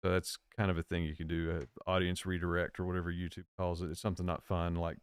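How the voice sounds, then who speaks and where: A man co-hosts a live stream in a low, smooth voice, easygoing and joking, often wandering off mid-sentence. The sound is dry and close-miked. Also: monotone, quick pace, no room sound. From Virginia. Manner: laid-back, joking, rambling. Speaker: co-host.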